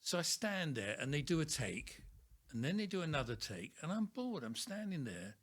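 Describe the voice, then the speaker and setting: A soft-spoken man, a guest on a podcast, telling a story about working as an actor. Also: fairly high pitch, very animated, normal speed, breathy edge. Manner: soft-spoken, acts out voices in his story. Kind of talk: casual storytelling.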